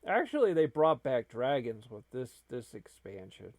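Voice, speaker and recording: A man's voice: medium pitch, sing-song, moderate pace, darkish tone, no room sound. Rambling man commentating a game. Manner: rambling, self-deprecating. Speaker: gaming video host. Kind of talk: casual gameplay commentary.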